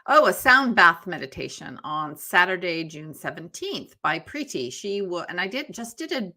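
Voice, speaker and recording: A woman with a lower-pitched but bright voice chats on a live tarot stream from her home office. She talks freely and meanders, calling viewers by name and yawning from time to time. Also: big pitch swings, normal speed. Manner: chatty, rambling, talks to viewers by name, yawns often. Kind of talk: casual chat on a live stream.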